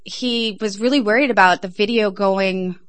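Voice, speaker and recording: A woman's voice: mid-range voice, normal speed. A middle-aged woman from England performing spoken word poetry, rhythmic and intense, chatting casually between poems. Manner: rhythmic, intense delivery rising to loud emphatic peaks. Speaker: performance poet.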